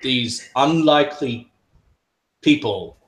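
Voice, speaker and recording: A man voicing a stern male tribal chief, booming and authoritative, who speaks slowly with weighty pauses. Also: animated, echoey room. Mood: solemn. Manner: slow and solemn, with weighty pauses.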